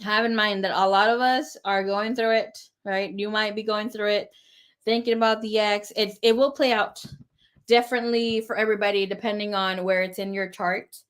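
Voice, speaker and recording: A woman's voice: medium pitch, fairly even intonation, normal speed, clear, resonant tone. A woman giving a casual live tarot reading, chatty and rambling with fillers. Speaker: tarot reader.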